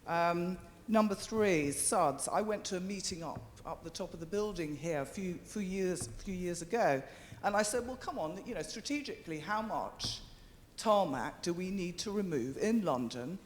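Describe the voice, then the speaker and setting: A man giving an impassioned public statement to a committee, urgent and halting with fillers and restarts. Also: high-pitched, animated, big-room sound, slight background noise. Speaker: member of the public speaking to a committee. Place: large meeting chamber.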